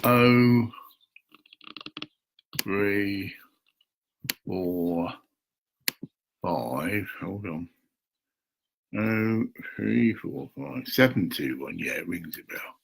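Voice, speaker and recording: A man's voice: fairly low pitch, lively intonation, very slow, gravelly, pauses often, a little hiss or hum, poor audio. An older man, rambling and muttering to himself at home while talking to camera, swearing now and then. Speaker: vlogger.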